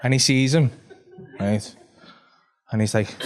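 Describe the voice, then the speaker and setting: A man's voice: medium pitch, moderate pace, long pauses. A man doing stand-up, telling a story with lots of swearing and laughter. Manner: animated, swearing, laughs at his own story. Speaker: stand-up comedian. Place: comedy club stage.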